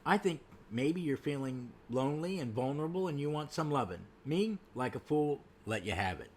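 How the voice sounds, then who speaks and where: A man's voice: on the high side, lively intonation, moderate pace, slight background noise, close to an everyday voice. A man reading a fed-up ex-girlfriend. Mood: weary. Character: fed-up young woman, ex-girlfriend. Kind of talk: reading comic dialogue aloud.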